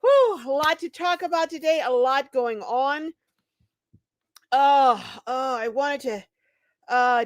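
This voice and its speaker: A woman's voice: sits high, no room sound. An older woman hosting a casual livestream, out of breath, bubbly and exclaiming as she greets viewers. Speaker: livestream host.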